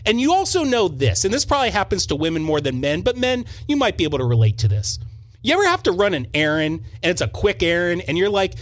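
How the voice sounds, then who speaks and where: A young man telling a personal story in an animated, self-mocking way, often repeating words as he goes. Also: high-pitched, fast talker. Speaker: storyteller on a faith show.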